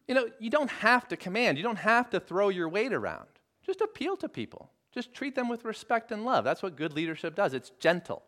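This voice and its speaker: A man's voice: high voice, huge pitch swings, fairly quick, a bit bright. A male pastor preaching a sermon, earnestly putting rhetorical questions to his listeners and repeating phrases for emphasis.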